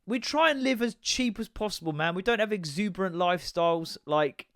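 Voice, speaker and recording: An English man in his thirties hosting a podcast, ranting casually in an animated, sweary, sarcastic way. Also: sits high, brisk, no echo, studio quality. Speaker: podcast host.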